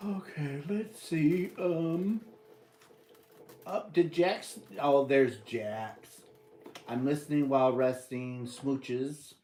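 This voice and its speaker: A man's voice: mid-range voice, very slow, a little mellow, slight background noise. A man with an American accent hosting a casual livestream, reading viewer comments aloud and greeting people by name in an easygoing way. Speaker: livestream host. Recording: echoey room.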